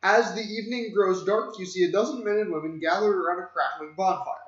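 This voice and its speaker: A man's voice: high-pitched, fast talker. A man running a tabletop game as game master, reading out prepared scene descriptions. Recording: roomy, dull lo-fi mic.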